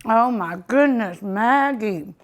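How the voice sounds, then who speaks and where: A woman's voice: on the high side, expressive, slow. A woman hosting a cooking show, tasting her food with many delighted mmms and chatting to her dog and her viewers. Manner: sometimes talks with mouth full. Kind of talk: casual food tasting vlog.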